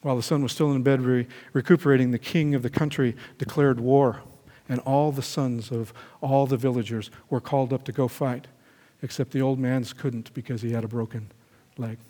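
This pastor's sermon carries an echoey hall reverb as he speaks at normal speed with a steady, medium-pitched voice and hardly any pauses. He earnestly narrates a parable, then eases into a gentle prayer.

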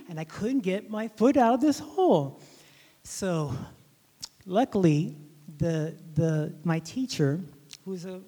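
A man teaching a Bible lesson by telling a story from his childhood, rambling and halting with many restarts. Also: high-pitched, mellow. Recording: long hall reverb.

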